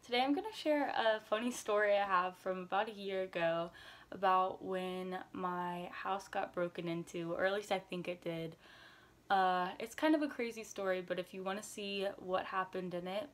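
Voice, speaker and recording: A woman's voice: mid-range voice, moderate pace. Teen girl vlogger, chatty and dramatic, talks in a run of "like"s, whispers now and then. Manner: drops to whispers for tense moments. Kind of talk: storytime vlog.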